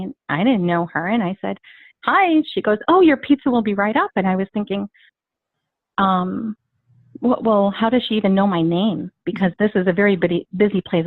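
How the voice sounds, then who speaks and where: A woman guest tells a personal story in casual chat, rambling and acting out the dialogue she quotes. Her medium-pitched voice has no room sound, with a dry, tinny, phone-like quality.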